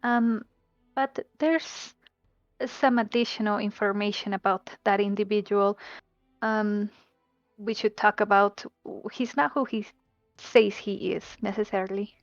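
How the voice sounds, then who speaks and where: A woman's voice: mid-range voice, steady tone, a little slow, no echo. A woman role-plays her character in a tabletop game, playful and drawn out in her phrasing. Her voice sounds dry and a little dull, and faint music sits behind it. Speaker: player.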